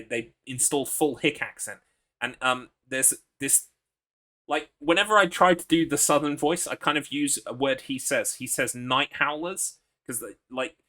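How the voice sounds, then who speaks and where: A man's voice: medium pitch, sharp tone. A man streaming a horror game live, chatting casually in a rambling, crude, joking way with plenty of fillers.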